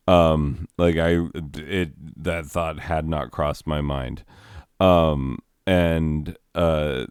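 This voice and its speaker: A man hosting a video, talking in a halting, self-deprecating, rambling monologue. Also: a bass voice, a little mellow, smooth, dry recording, clean studio sound. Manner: halting, self-deprecating, many fillers and restarts. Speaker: video host.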